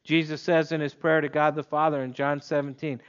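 A man preaching an expository sermon in a measured, emphatic way, leaning on pointed pauses. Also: fairly high pitch, little pitch movement, lo-fi sound.

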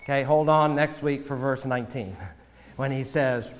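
A man preaching a sermon as pastor, slow and measured, sometimes repeating words. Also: medium pitch, steady tone. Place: church sanctuary. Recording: long church reverb.

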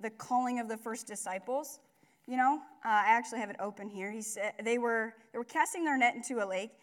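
High-voiced woman giving a chatty sermon. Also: fairly quick. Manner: chatty, conversational, many fillers and asides. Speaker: speaker at a church gathering. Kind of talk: casual sermon.

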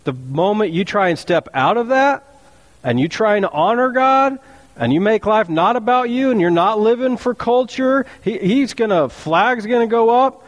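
A man preaching a sermon as pastor, lively and playful, firing rhetorical questions at his congregation. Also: high-pitched, normal speed, in a large hall.

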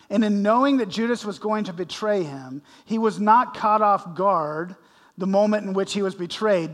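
Male preacher, higher voice, verse-by-verse sermon, long reverb of a church hall. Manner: expository preaching with dramatic readings of scripture. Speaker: pastor.

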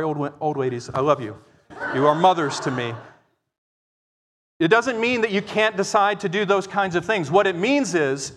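A man preaches a sermon in a fairly high voice that rings with a long reverb through a large hall. He alternates loud, emphatic declarations with quiet, explanatory asides.

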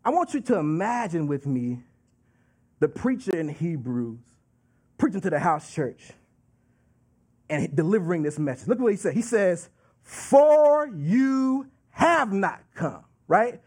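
A man preaching a sermon with emphatic, drawn-out delivery and call-and-response asides. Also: fairly high pitch, big pitch swings, a little mellow, husky.

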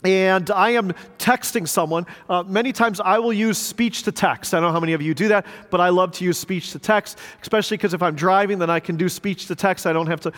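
A middle-aged male pastor delivers a sermon in a church sanctuary, his voice pitched high for a man. He preaches in a conversational way, repeating words and asking the congregation rhetorical questions. Long reverb from the big room trails after each phrase. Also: fairly quick, few pauses, a bit bright.

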